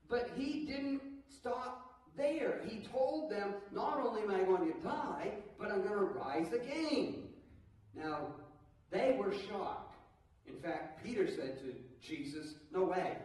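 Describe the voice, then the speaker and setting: A middle-aged man preaching an Easter sermon in a church, animated, with asides to the congregation. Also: high-pitched, moderate pace. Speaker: pastor. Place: church sanctuary. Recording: echoey church hall, mic at a distance.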